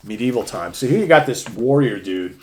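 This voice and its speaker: A man's voice: medium pitch, animated, brisk. Casual man retelling a comic story. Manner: loose storytelling, acts out characters' lines, many fillers. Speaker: podcast co-host. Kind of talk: casual comic book chat.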